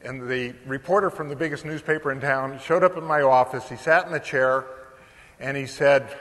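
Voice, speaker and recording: An older man giving a keynote speech at a conference, telling a story in a lively way and often pausing on fillers. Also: mid-range voice. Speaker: keynote speaker. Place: large conference hall. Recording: long hall reverb.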